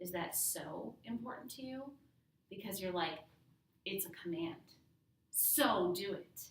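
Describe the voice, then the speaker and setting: A woman's voice: mid-range voice, fairly bright tone. A woman teaching a casual Bible study lesson, talking through a verse and leaning on single words to show emphasis. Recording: roomy, from a distance.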